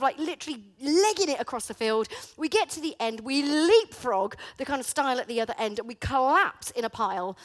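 Animated woman telling a story. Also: high-pitched, brisk, hardly any pauses. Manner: dramatic, comic, vivid. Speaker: speaker. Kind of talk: animated storytelling with a reflective moral.

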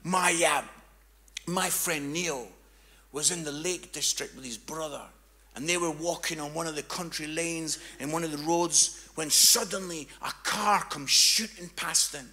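A man preaching a sermon, telling a story and swinging from hushed tones to loud, fervent passages. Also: on the high side, measured pace.

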